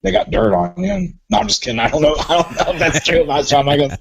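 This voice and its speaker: A man's voice: on the high side, quick pace, gravelly, over a noisy crowd, poor audio. A man talking as a podcast guest about his wrestling career, telling stories in a loose, profane way. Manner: profane, animated storyteller. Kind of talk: casual chat.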